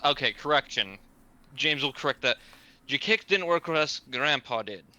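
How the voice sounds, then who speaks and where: Guy at the game table, really bright edgy voice, flatly says what his character does. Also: medium pitch, moderate pace. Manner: matter-of-fact, describes his character's actions. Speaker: player.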